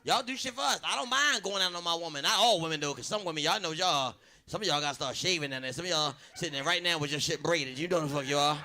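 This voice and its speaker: A man doing a loud stand-up set on a club stage, working the crowd and acting out voices. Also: a little high, quick pace. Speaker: stand-up comedian. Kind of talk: stand-up routine.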